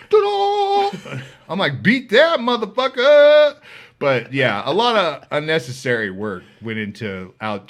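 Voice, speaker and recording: A man hosting a podcast, casually telling a story, animated and profane, acting out the voices of people he quotes. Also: mid-range voice. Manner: animated, swears freely, acts out quoted voices. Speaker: podcast host.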